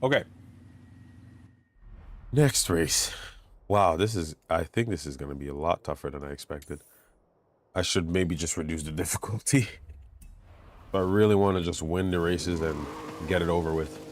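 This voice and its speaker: A man giving chatty, self-mocking commentary while playing a racing game, getting excited when he pulls ahead. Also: low-pitched, unhurried, pauses often. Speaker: gamer commentating his play. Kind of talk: casual gameplay commentary. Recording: game engine noise behind voice. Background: racing game car sounds.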